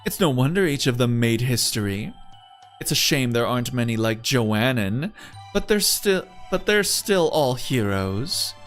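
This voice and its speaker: Guy doing a sultry sweet game lady, slow and coaxing, pitch all over the place. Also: animated, faint music behind, natural voice. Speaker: streamer reading game dialogue aloud. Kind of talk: voiced game playthrough.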